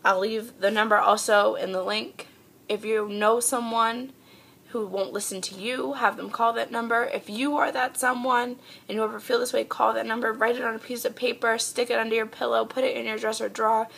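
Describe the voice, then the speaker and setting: Earnest young woman with a gravelly voice. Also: a little high, steady tone, normal speed, a bit bright. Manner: earnest, heartfelt, pleading. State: tearful. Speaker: vlogger. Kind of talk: personal confessional vlog.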